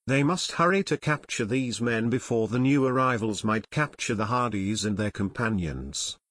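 A man reads an audiobook in an expressive way, his pitch moving widely through each sentence. The recording is dry and close, with no room sound. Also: normal speed, no room sound. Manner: expressive, voices every character. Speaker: audiobook narrator. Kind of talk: audiobook narration.

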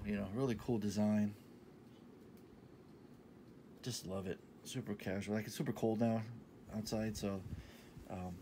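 A man in his thirties talking casually in a shopping haul vlog, enthusiastic and repetitive, sometimes dropping to a soft half-whisper. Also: on the low side, a little hiss or hum. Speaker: vlogger showing a shopping haul.

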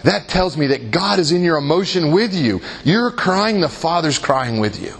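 A man's voice: on the high side, expressive, normal speed, vocal fry, husky. A man leading a Christian workshop in a conversational way, often asking his listeners rhetorical questions and making jokes at his own expense. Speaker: workshop leader.

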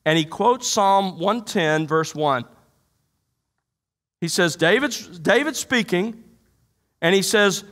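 A man's voice: high voice, lively intonation, moderate pace, fairly bright tone. A male pastor preaching an expository sermon to a church congregation, quoting scripture and putting emphatic questions to his listeners. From United States. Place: church sanctuary.

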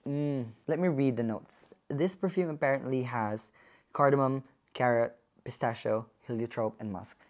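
Effusive male reviewer for a casual vlog, medium pitch, gushes and often sinks to a soft hush. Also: unhurried. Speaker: perfume reviewer. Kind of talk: casual perfume haul vlog.

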